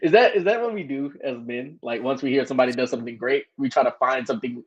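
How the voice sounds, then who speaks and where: A man co-hosting a casual sports chat, playful and quick to joke. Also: medium pitch, husky. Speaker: co-host. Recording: dull lo-fi sound.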